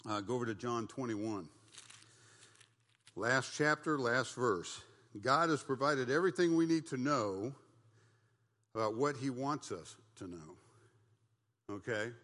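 An older man teaches a church Bible study, folksy and joking, and he keeps asking the class questions. His voice sits at an ordinary middle pitch for a man. The sound carries a long hall reverb from the church room. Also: a little slow, long pauses, a bit bright.

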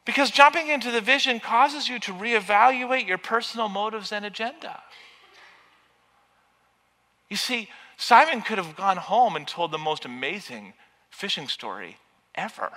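A man preaching a sermon with passion, building to loud, urgent peaks. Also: high-pitched. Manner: impassioned, rising to near shouting at peaks. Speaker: pastor. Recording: long reverb of a large hall.

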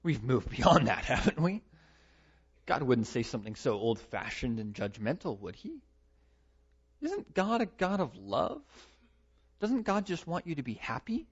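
A man voicing a sly male devil, coaxing in a soft, insinuating half-whisper. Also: medium pitch, sing-song, measured pace, pauses often, breathy edge. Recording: dull lo-fi recording.

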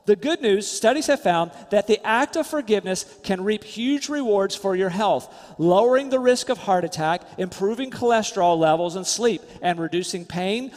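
A man preaching a sermon as pastor, emphatic, rising loud then dropping to quiet, soft asides. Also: high voice, big-room sound.

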